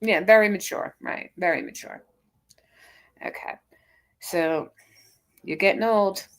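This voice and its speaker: A woman's voice: mid-range voice, takes it slowly. Sarcastic woman in her fifties streaming. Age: 50s. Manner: sarcastic, mocking, talks straight at her critic. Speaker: livestream host. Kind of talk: casual reaction stream.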